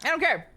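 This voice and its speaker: A young woman streamer chatting casually and reading a romance novel aloud, with giggly, self-mocking asides. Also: bright, forceful tone.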